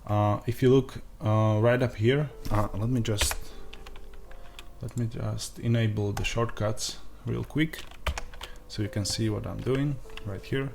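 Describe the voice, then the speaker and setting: A man with an Eastern European accent giving a screen-recorded software tutorial, pausing often with uh and um. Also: on the low side, fairly even intonation, gravelly, background noise. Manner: hesitant, frequent uh and um fillers.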